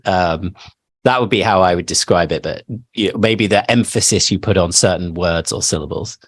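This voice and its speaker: Low-voiced man hosting a podcast. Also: moderate pace, no echo. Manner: relaxed, hesitant questioning with fillers. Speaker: podcast host. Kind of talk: casual podcast interview.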